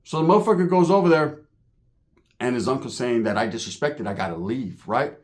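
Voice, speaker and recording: A man telling a profane, animated story in stand-up style, acting out the other people in it. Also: medium pitch, fairly quick. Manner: animated, profane, acts out voices. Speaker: stand-up comedian.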